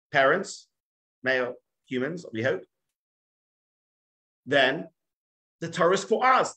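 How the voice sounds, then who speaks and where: A man's voice: on the high side, pushed and bright, poor audio. A male rabbi teaching by telling a story, acting out the characters' voices with frequent restarts. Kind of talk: animated storytelling lesson.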